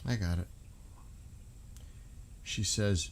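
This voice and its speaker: A middle-aged man streaming live, talking in a halting, emotional way with many restarts. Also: sits low, darkish tone, a little hiss or hum. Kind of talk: casual live-stream talk.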